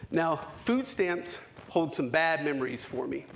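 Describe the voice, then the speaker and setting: A man in his forties giving a keynote speech, telling a personal story with dramatic pauses and emphasis. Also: on the high side, animated, gravelly, a bit bright, a little hiss or hum. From United States. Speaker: keynote speaker. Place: conference hall stage.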